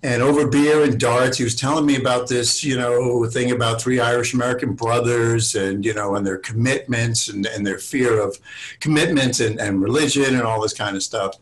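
A man's voice: medium pitch, fairly even intonation, moderate pace, poor audio. Profane older man telling stories. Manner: swears freely, acts out other people's lines in raised voices. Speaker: actor guest. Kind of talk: casual storytelling interview.

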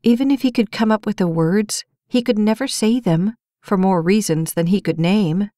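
A woman's voice: mid-range voice, moderate pace, dark tone, no room sound, studio quality. A woman narrating a romance novel audiobook, reading all the characters' dialogue in her own voice. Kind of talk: scripted narration.

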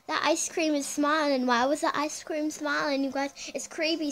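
A woman's voice: high-pitched, fairly even intonation, moderate pace, few pauses, a bit bright, a little hiss or hum. A woman giving casual reaction commentary as a vlogger, chatty and exclaiming, often calling out to her viewers. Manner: chatty, exclaiming, keeps addressing viewers as "you guys".

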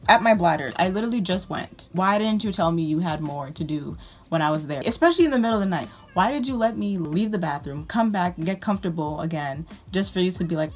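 A woman vlogger ranting about her pet peeves in a sarcastic, exasperated way. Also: on the low side. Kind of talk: ranting casual monologue.

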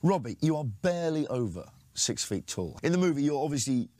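A man's voice: on the high side, sing-song, fairly quick, dark tone, no echo. A man hosting a jokey interview, bantering and stumbling through his questions.

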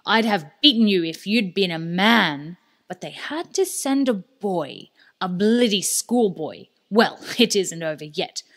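A woman voicing a ruthless middle-aged male villain in an audiobook, loud and taunting. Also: medium pitch, lively intonation, a little slow. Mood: gloating. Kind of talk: audiobook character voice.

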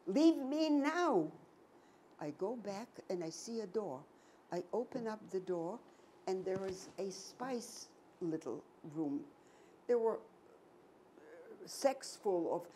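A woman in her nineties giving a personal testimony to an audience, telling her story slowly and emphatically with many repetitions. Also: mid-range voice, warm tone, a little hiss or hum. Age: 90s. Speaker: Holocaust survivor giving a talk.

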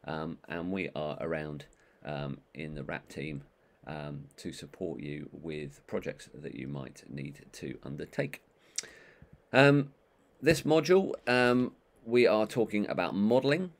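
A man giving an online training course, talking in a monotone with many ums and uhs. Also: a bass voice, measured pace, creaky. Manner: monotone, calls his own voice that. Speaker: management trainer.

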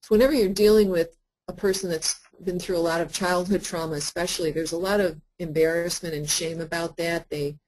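Woman, therapist, teaching workshop, earnest, conversational, filler words, low-ish voice. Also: fairly even intonation, brisk, a little mellow, low-quality recording. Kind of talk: lecture to practitioners.

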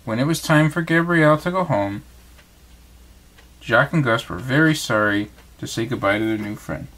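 A father reads a bedtime story aloud in a lively, expressive way. His voice moves freely up and down as he narrates. He sits at an ordinary, middle pitch for a man. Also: normal speed. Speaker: father reading bedtime stories.

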